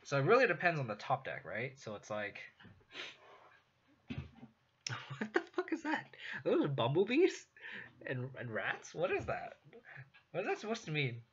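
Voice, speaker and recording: Streaming a card game on dull, lo-fi audio, a laid-back young man from the West Coast of America chats, swears freely and laughs a lot. He speaks at normal speed with long pauses, in a husky, slightly bright voice that sits on the high side and swings hugely in pitch.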